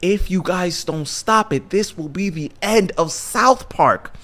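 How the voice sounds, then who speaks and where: A man voicing a laid-back male messiah who talks in a repetitive, calming cadence. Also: high voice, takes it slowly, pitched above the performer's own voice, full character voice. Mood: explaining.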